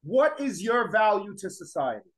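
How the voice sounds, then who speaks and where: Emphatic male teacher with a high voice, lecturing and pressing the class with questions. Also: sing-song, moderate pace, poor audio. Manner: emphatic, repeats points, fires rhetorical questions at the class.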